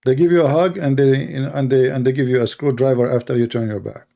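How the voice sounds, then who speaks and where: A man with a gravelly, dark voice talks in a casual monologue. He speaks emphatically and repeats himself as he tells his stories. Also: medium pitch, fairly even intonation, fast. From Middle East. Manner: emphatic, repetitive, storytelling. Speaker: online commentator.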